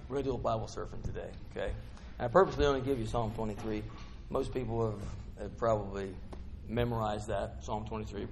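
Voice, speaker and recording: A middle-aged man preaching a sermon in church, chatty with the congregation and breaking into bursts of excitement. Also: lowish voice, fast talker, creaky, few pauses, a little hiss or hum.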